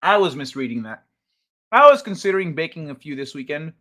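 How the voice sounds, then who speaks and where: Man, livestream host, casual chat, slightly high voice, very lively pitch, laughs and swears a lot. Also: a little fast. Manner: chatty, loose, swears, laughs often, reacts to chat. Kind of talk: casual live-chat stream.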